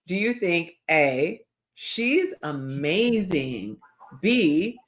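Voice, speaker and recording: A woman with a slightly low voice hosts a casual podcast chat. She tells stories with energy, switching into little acted-out voices for the people she quotes. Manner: animated storytelling, acts out quoted voices. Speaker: podcast host.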